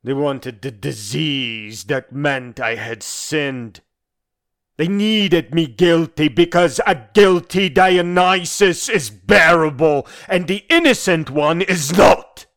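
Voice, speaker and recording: A mid-range, fairly bright male voice plays a proud and embittered philosopher near death. He delivers the letter as a dramatic monologue, slow and measured, full of bitter contempt.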